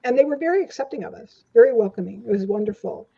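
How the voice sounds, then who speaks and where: A woman's voice: on the high side, lively intonation, fast, vocal fry, warm tone, slightly rough. An older woman, a guest in an interview, telling rambling stories with lots of fillers. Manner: rambling anecdotes with many fillers. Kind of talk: casual storytelling interview. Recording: dull lo-fi audio.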